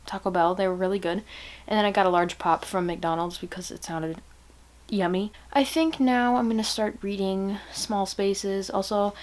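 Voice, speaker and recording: Chatty young woman vlogging. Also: mid-range voice. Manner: chatty, gushing, rambling with many fillers. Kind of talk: casual reading vlog chat.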